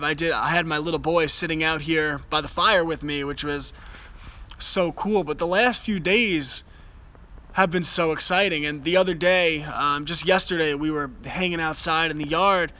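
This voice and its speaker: A man's voice: fairly high pitch, pushed and bright, clean tone, low-quality recording. A young man speaking live from outdoors by a fire, earnest and enthusiastic, often restarting his sentences. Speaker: host. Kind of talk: casual live chat.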